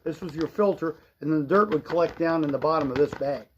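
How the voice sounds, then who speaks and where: A man's voice: on the high side, quick pace, slight background noise. A middle-aged man, a shop owner, giving a folksy, rambling product demonstration on a live stream. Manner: folksy, rambling explanations with fillers. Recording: dull lo-fi livestream audio.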